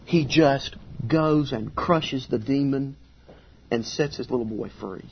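A man's voice: medium pitch, takes it slowly, muffled recording, a little hiss or hum. A man preaching a sermon as pastor, earnest and conversational, repeating key phrases for emphasis.

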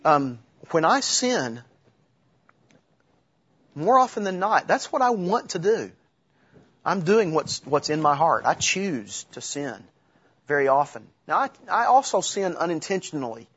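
Husky-voiced man preaching conversationally. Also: on the high side, very animated, measured pace, long pauses, fairly bright tone, muffled recording. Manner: conversational preaching with restarts and humor. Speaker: pastor. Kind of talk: sermon.

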